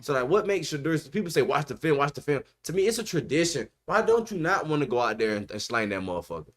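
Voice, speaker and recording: A man's voice: fairly high pitch, quick pace. Emphatic man arguing sports. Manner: emphatic, animated, repeats "bro" often. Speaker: podcast host. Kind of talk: casual sports debate. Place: podcast studio.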